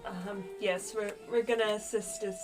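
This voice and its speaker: A woman playing her character in a tabletop game, speaking hesitantly and softly. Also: medium pitch, fairly even intonation, moderate pace. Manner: hesitant, soft-spoken. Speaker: player. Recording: distant mic with music behind.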